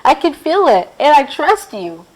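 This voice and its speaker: A woman's voice: high-pitched, very animated, unhurried, voice pushed up, rough recording. A woman voicing an earnest young woman pleading in prayer in a storybook reading. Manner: pleading, heartfelt.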